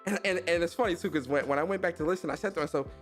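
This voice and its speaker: A man hosting a gaming show, telling a story in a casual, animated rant full of swearing and mocking impressions. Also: on the high side, rapid-fire, faint music behind. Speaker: gaming podcast host.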